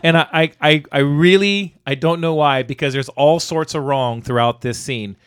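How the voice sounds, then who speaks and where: A man co-hosting a casual movie review chat, animated and swearing freely as he retells scenes. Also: fairly high pitch, moderate pace, clear, resonant tone. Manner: animated, swears freely, acts out quoted lines. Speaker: podcast co-host.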